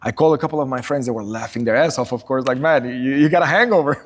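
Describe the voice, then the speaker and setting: A man's voice: medium pitch, very fast, a little hiss or hum. A middle-aged man from Portugal, a podcast guest, telling stories casually and acting out quotes in raised voices. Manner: animated storyteller, acts out quotes in raised voices. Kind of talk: casual storytelling interview.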